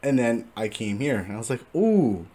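A man's voice: mid-range voice, moderate pace. Giggly man commentating a game. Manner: giggly, excitable, laughs often at the game. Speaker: gaming channel host. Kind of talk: casual gameplay commentary.

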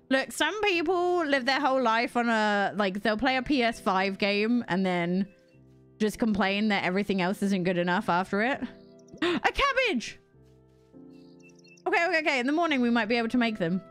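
A young British woman streaming a cozy game, chatting casually with viewers in a giggly, self-mocking way. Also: medium pitch. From Britain. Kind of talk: casual gameplay chat with chat readers.

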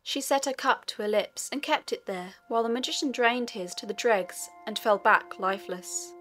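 A woman narrating a fairy tale audiobook in a steady storytelling manner. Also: on the high side, normal speed, soft background music.

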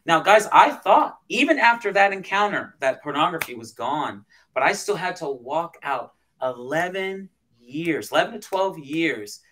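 A man, a pastor, telling a personal story as a guest in an interview, animated and emotional, with frequent restarts. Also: fairly high pitch, a little slow, hardly any pauses. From United States.

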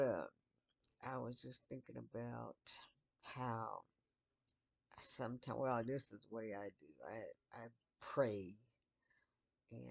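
An older woman talking slowly in a relaxed bedtime video, musing to herself with restarts and pauses. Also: a bass voice, creaky, no room sound. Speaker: vlogger.

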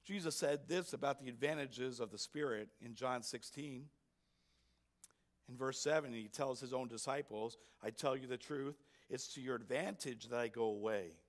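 A man's voice: mid-range voice, moderate pace. A man preaching a sermon as pastor, emphatic and asking his congregation rhetorical questions. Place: church sanctuary.

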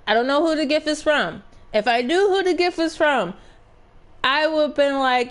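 A young adult woman telling a story with animated, profane energy and lots of restarts while she plays a game. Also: high-pitched, normal speed. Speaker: gaming streamer. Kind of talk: casual storytelling while playing.

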